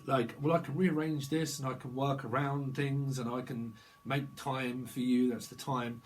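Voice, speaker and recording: A man's voice: medium pitch, steady tone, moderate pace, poor audio. A man giving a rambling psychic tarot reading, free-associating through wordplay and laughing at his own jokes. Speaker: tarot reader.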